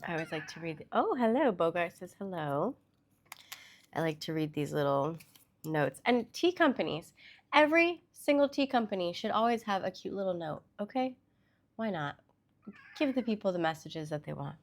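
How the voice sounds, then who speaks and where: A woman's voice: lowish voice, very animated, moderate pace. A woman hosting a casual tarot reading vlog, chatty and loose, with the odd swear word. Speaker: tarot reader.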